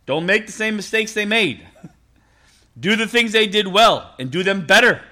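A man's voice: high voice, lively intonation, a little slow, pushed and bright. A middle-aged man preaching a sermon as a pastor, in a conversational storytelling manner with frequent laughs.

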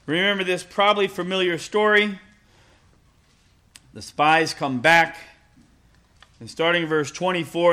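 A man's voice: high voice, steady tone, a little slow, pauses often, pushed and bright. A middle-aged man preaching a sermon as a pastor, in a conversational storytelling manner with frequent laughs.

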